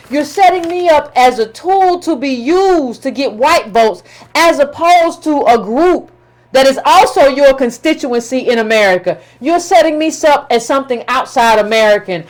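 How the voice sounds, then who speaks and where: A woman giving impassioned political commentary, emphatic and scolding, with colloquial phrasing and repetition. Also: high voice.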